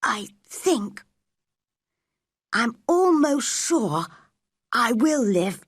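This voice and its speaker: A woman's voice: a little high, very animated, extremely slow, breathy edge, no echo, studio quality, voice pushed up, exaggerated voice. A woman voicing a frail, frightened sickly boy who speaks tearfully in a storybook reading. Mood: hopeful. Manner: tearful and fearful.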